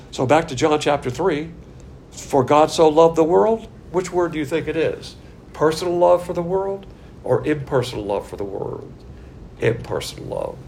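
A man's voice: medium pitch, gravelly, darkish tone, slight background noise. A man preaching a sermon in a church room, stretching out key words for emphasis and putting questions to his listeners.

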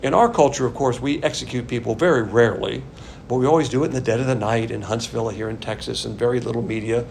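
An older man from the American South teaching a Bible sermon, swinging between loud emphasis and quiet asides. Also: mid-range voice, fairly even intonation, fast talker, vocal fry, a little hiss or hum. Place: Texas.

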